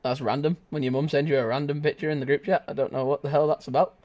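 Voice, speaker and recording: A young man giving lively, joking live commentary as he streams a shooter game and chats with his viewers. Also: on the high side, fast talker. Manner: excitable, shouts and laughs at the game; joking banter with chat. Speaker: gaming streamer.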